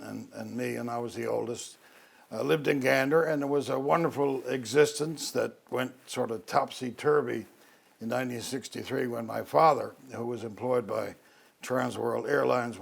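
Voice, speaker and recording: An older man from Newfoundland tells a Christmas story from his own life at an easy pace, stopping often to find his words. His voice is deeply gravelly, with a rough, husky edge to it. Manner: unhurried, wry, with many "uh" pauses.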